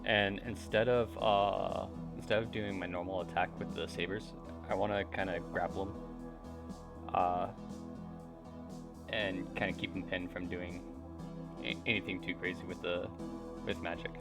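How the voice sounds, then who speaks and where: Man, tabletop player, lowish voice, music clearly behind. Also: level tone, moderate pace, pauses often. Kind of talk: casual tabletop play.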